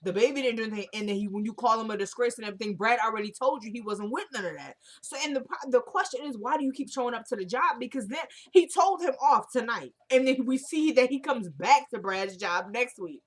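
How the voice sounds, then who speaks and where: A woman's voice: a little high, lively intonation, fast, few pauses. A woman casually recapping a TV drama episode, chatting and acting out the characters' lines as she retells them.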